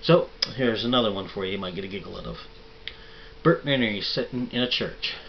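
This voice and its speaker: A man rambles through crude jokes in a relaxed, folksy drawl, cursing freely. His voice sits fairly low. The recording is dull and lo-fi, with a faint hiss behind him. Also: fairly quick, gravelly. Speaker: vlog host telling jokes. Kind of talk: casual joke telling.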